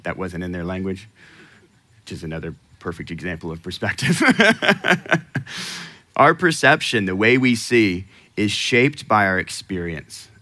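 Man, pastor, sermon, chatty, laughs a lot, low-pitched, bright forceful tone. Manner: conversational, asks the congregation questions, laughs often.

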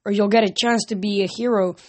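A woman's voice: mid-range voice, steady tone, quick pace, darkish tone, lightly acted. A woman reader voicing a male god and absent father who speaks in a grave, restrained, sad way in a storybook. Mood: sorrowful.

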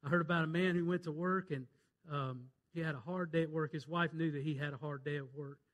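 Fairly quick and fairly even in intonation, this pastor's high, bright voice carries a passionate sermon. He mixes scripture quotes with jokes, rising to loud, urgent appeals and falling to quiet, pleading moments.

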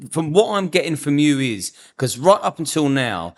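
A man hosts a conversational interview and presses his guest with probing questions. He often stammers and repeats words as he thinks aloud, and his voice sits a little high for a man. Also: big pitch swings, normal speed. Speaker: podcast host.

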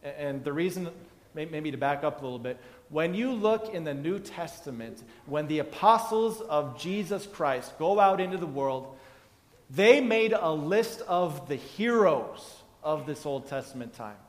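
A man's voice: fairly high pitch, expressive, measured pace, long reverb tail. A male pastor preaching a conversational sermon, acting out the biblical characters' dialogue as he explains the passage.

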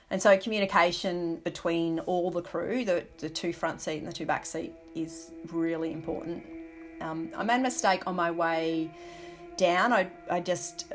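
A middle-aged woman speaks in a slightly low voice, recounting her past frankly and at a thoughtful pace. She often restarts sentences and fills pauses with ums. Soft music plays faintly underneath. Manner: candid, reflective, with frequent restarts and ums. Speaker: former navy helicopter pilot. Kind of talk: interview, personal recollection.

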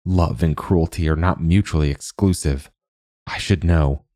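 A man's voice: very deep voice, measured pace, dark tone, no echo, studio quality. A man voicing a small male finch locked in a cage, curt and knowing. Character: small caged male finch, wary and cryptic.

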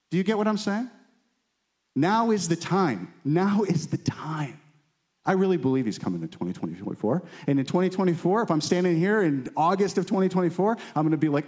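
A man preaching a sermon, animated and shifting between excited exclamations and low earnest asides, and putting questions straight to his listeners. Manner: asks the listeners direct questions. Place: church meeting room.

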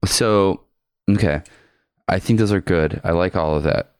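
A man co-hosting a podcast, chatting casually and asking measured questions. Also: sits low, darkish tone, clear, resonant tone, dry recording, clean studio sound. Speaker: podcast co-host. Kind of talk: casual discussion.

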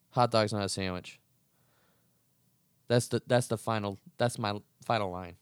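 A man's voice: lowish voice, normal speed, pauses often, clean tone, no echo. Young male podcast host, casual rant, swears freely, emphatic and heated, dry close sound. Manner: heated, profane, emphatic arguing. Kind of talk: casual ranting monologue.

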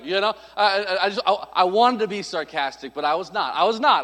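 A man's voice: fairly high pitch, a little fast, hardly any pauses, bright, forceful tone. A man preaching a sermon, telling a story in a conversational, humorous way and acting out the voices of people he quotes. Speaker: pastor. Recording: long hall reverb.

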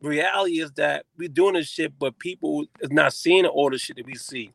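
A man who is a comedian, telling stories in animated casual chat with plenty of swearing. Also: a little high, normal speed, gravelly. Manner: animated storytelling with frequent profanity.

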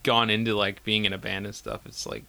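A man with a lowish voice that has a gravelly rasp and a bright, forward edge. He chats casually as a podcast co-host, laid-back and a little hesitant, laughing often. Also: flat delivery, fairly quick, a little hiss or hum. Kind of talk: casual chat.

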